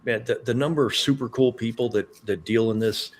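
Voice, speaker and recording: A man's voice: mid-range voice, fairly even intonation, brisk, slight background noise. A man chatting casually about tabletop games, easygoing and enthusiastic. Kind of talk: casual chat.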